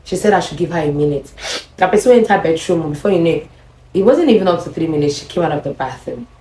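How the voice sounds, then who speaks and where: A Nigerian woman telling a personal relationship story to her viewers in an animated way, often talking to them directly. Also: sits low, fast talker, a little hiss or hum. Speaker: vlogger. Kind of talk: storytime monologue. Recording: roomy echo.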